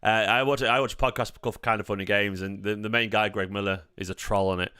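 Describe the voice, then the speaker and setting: Mancunian bloke rambling on a fan stream, jokey and sweary, clean smooth voice, dry sound. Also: male voice, fairly low pitch, steady tone, fast talker, pushed and bright, no echo. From Manchester, England. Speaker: fan channel host. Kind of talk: casual live-stream chat.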